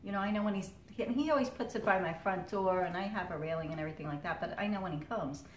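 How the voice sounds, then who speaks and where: A middle-aged woman tells a long story to her viewers, quoting herself and others with plenty of laughs. Her voice sits in an ordinary middle pitch. It is recorded in a room with a noticeable echo and a faint hiss behind her. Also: quick pace. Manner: animated, quotes herself and others, laughs often. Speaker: cross stitch vlogger. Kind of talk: casual storytelling vlog. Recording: echoey room with faint noise.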